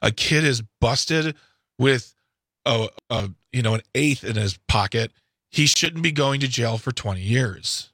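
A man with a bright voice co-hosts a talk radio show, giving his opinions emphatically and often restarting his sentences. The recording is dry and close. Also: mid-range voice, a little slow, slightly rough, no echo.

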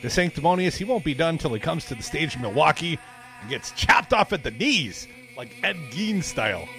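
Sarcastic high-voiced talk radio host. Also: male voice, big pitch swings, normal speed, sharp tone, soft background music. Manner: sarcastic, jokey.

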